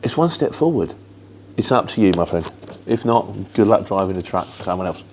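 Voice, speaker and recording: A man's voice: sits low, expressive, fairly quick, darkish tone, slight background noise. A middle-aged man from England with a London-tinged accent, answering viewer questions in a chatty, rambling, matter-of-fact way. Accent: London-influenced Luton English. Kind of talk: casual chat.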